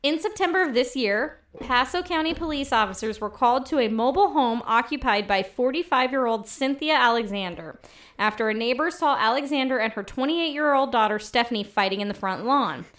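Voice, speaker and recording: Chatty woman podcast co-host, bright voice. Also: on the high side, animated, a little fast. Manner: chatty, laughs often, trails off mid-sentence. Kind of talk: casual chat.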